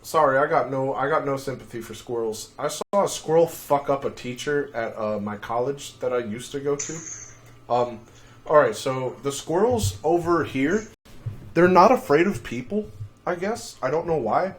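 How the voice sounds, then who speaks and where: A young man hosting a casual livestream, telling rambling, profane stories full of dark jokes. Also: mid-range voice, normal speed. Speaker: livestream host.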